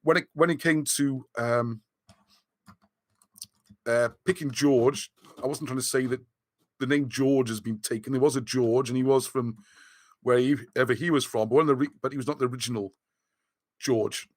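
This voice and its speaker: A man's voice: medium pitch, normal speed, pauses often, no room sound, studio quality. A man giving a casual, rambling livestream talk to his viewers. He restarts his sentences often and says he is losing his voice. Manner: rambling, excitable, many restarts. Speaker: host of a live video chat.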